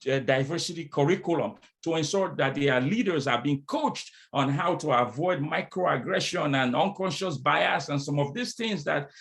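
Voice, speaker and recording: Over a video call, a middle-aged consultant with a bit bright, mid-range voice gives a motivational talk on diversity to a conference. He speaks French as well and works in call-and-response and repeated phrases.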